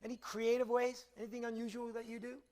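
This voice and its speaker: Guy with a pretty high voice doing a conference talk, animated storyteller, asks the crowd stuff. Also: fast. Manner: animated storyteller, questions the audience. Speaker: conference speaker. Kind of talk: storytelling presentation.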